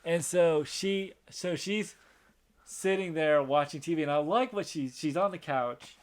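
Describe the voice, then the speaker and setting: A podcast co-host with a somewhat high voice talks about a film in an unhurried, casual review chat. He rambles, fills his speech with fillers and restarts, and acts out quoted lines.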